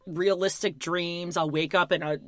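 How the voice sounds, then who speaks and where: A woman's voice: lowish voice, fairly even intonation, normal speed, a crowd in the background. A woman co-hosting a podcast in casual chat, giving friendly, practical advice. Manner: supportive, gives practical advice. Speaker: podcast co-host.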